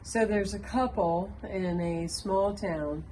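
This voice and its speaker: A woman guest speaker telling warm anecdotes in an interview, acting out the voices of the people in her stories. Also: mid-range voice, slow, a little hiss or hum, low-quality recording. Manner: animated storyteller, acts out child voices. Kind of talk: storytelling in interview.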